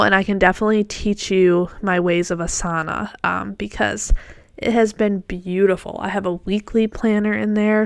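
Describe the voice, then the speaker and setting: A woman talks through her solo podcast in a casual, encouraging way, as if chatting with a friend and letting slips roll. Her voice is smooth and clear, with a bit of morning voice. It is recorded close on the mic in a dry space. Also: medium pitch, a bit bright, dry recording. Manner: chatty and encouraging, with fillers and self-corrections. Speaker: podcast host.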